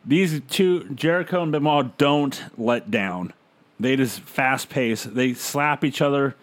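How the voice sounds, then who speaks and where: A man recaps a show for his co-hosts in a loose, conversational way. His voice sits at a middling pitch, and he pads his sentences with plenty of "uh"s as he walks through what happened. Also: takes it slowly. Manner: recounts events plainly with many "uh" fillers. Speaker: podcast host recapping wrestling. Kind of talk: casual recap chat.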